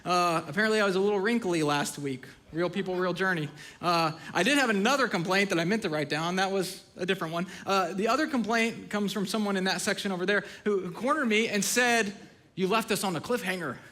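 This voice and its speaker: A man's voice: high-pitched, a little fast, bright, forceful tone. A man preaching a sermon from a church stage, telling funny stories with self-deprecating asides. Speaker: pastor.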